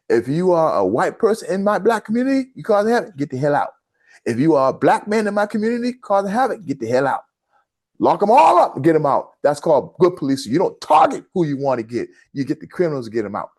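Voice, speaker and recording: A man's voice: a little high, sing-song, quick pace, a little mellow. A man hosting a commentary show, speaking with indignation and addressing his listeners as family. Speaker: host of a news commentary channel. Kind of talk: impassioned commentary addressing viewers.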